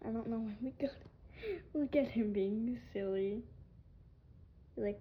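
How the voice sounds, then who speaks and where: A woman's voice: a little high, very animated, a little slow, long pauses, slight background noise. A young woman filming her pet bird at home on a phone, cooing at him and giggling. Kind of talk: casual home vlog. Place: home kitchen, indoors. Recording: dull lo-fi sound.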